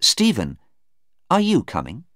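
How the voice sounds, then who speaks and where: A man voicing a calm, concerned woman in a story. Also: medium pitch, unhurried, dry recording, studio quality, pitched above the performer's own voice.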